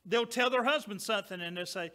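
A male pastor delivers a sermon in a high, very bright voice. He preaches loud and emphatic, stressing his points, then drops to softer asides to the congregation. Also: fast talker.

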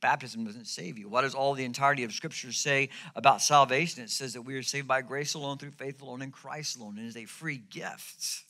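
A man's voice: medium pitch, a little fast, few pauses, bright, forceful tone. A male pastor preaching a sermon, emphatic and repetitive, at times dropping almost to a whisper. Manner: emphatic, repeats key phrases, drops to near whispers.

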